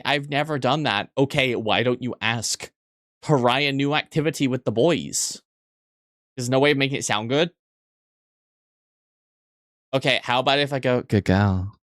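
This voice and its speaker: Swearing frequently and telling crude jokes, a streamer rambles through casual chat with viewers, often restarting his sentences. The studio-quality recording has no echo, and his medium-pitched voice sounds fairly bright.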